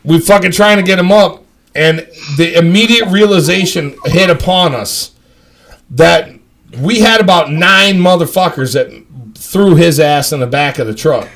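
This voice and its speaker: A man's voice: on the high side, moderate pace, a bit bright. A man telling a rambling, profane story among friends. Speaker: storyteller on a live stream.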